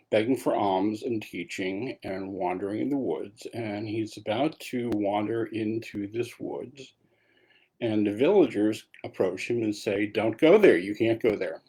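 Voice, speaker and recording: A man's voice: on the low side, dark tone, husky. A man giving a dharma talk as a meditation teacher, telling a story in a casual way with asides.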